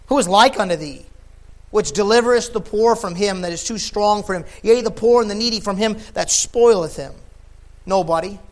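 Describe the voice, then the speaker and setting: A tired man preaching a sermon, reading scripture and swinging from loud emphatic peaks to low quiet stretches. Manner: sweaty and laughing at himself between scripture readings. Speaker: pastor.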